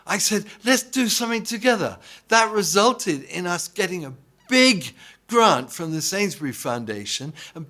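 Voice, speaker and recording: A man from England preaching a relaxed, story-driven sermon, his voice sitting a touch above the usual male pitch. He acts out the people in his stories and keeps checking in with the congregation. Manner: anecdotal, conversational, asks the congregation "yeah?"; acts out quoted dialogue. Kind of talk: informal sermon.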